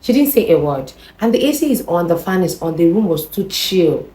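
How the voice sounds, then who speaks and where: Low-voiced woman telling a story. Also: fairly quick. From Nigeria. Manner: chatty and animated, repeating words and adding "you know" as she goes. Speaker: vlogger. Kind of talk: casual storytelling. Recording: echoey room.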